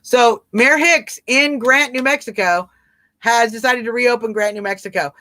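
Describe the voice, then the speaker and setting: Woman, Southern twang, livestream host, chatty, emphatic, crisp bright voice, dry sound. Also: on the high side, moderate pace, no room sound. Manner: chatty, answers viewer comments by name, emphatic. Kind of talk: casual live chat.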